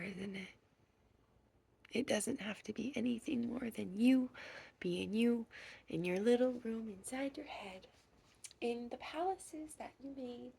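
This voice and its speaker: A woman voicing a playful, affectionate childlike frog in whispered role-play, with soft gasps and a singsong lilt. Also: on the high side, creaky, husky, full character voice. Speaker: children's storyteller.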